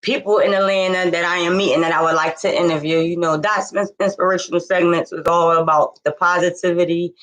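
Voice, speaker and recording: A woman's voice: lowish voice, fairly even intonation, brisk, few pauses, fairly bright tone, low-quality recording. A woman from hosting her own inspirational talk show on a live stream, chatting nervously with lots of fillers and restarts. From Philadelphia. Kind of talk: casual live-stream chat.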